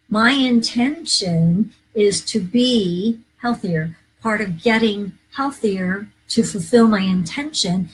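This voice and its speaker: A woman's voice: medium pitch, darkish tone, husky, low-quality recording. A woman minister hosting a live inspirational talk, earnest and coaching, repeating key phrases to her viewers. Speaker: minister and live show host.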